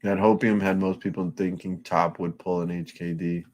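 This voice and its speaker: A man with a fairly low voice chats loosely on a live stream. He curses freely and rambles, often breaking off and restarting his sentences. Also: level tone, normal speed, a little mellow. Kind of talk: casual live-stream chat.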